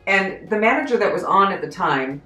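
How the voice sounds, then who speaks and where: A woman's voice: medium pitch, moderate pace, faint music behind. Chatty woman in an echoey room. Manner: chatty, self-deprecating, animated, with frequent laughs. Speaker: vlogger recounting a job story. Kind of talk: casual storytelling vlog.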